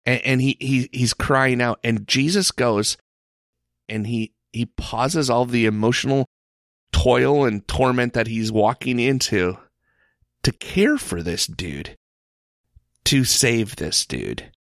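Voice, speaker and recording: A man leading a casual Bible discussion, earnest and halting with frequent restarts. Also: medium pitch, fairly bright tone, no room sound, studio quality. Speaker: Bible study leader.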